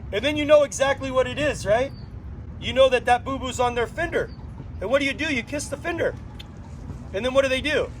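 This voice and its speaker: A man leading a drum circle gathering, giving an inspirational talk, playful and animated, full of rhetorical questions. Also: extremely high pitch, brisk, a little hiss or hum, poor audio. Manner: asks frequent rhetorical questions.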